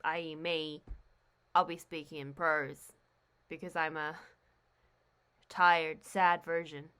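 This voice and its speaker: A woman putting on a deflated, weary version of herself, talking low and slow. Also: little pitch movement, pushed and bright, clean tone, full character voice. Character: tired, sad post-production version of herself.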